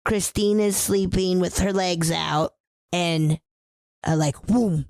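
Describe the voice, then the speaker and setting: Gravelly woman recapping a horror film. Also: fairly low pitch, takes it slowly, no room sound. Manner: animated, swears a lot, acts out the characters' lines. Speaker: podcast co-host.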